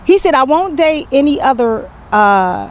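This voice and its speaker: Older woman host, high voice, animated storyteller with acted-out quotes, faint background noise. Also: unhurried. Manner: animated storytelling, acts out quotes, many restarts. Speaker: podcast host. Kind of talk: candid podcast conversation.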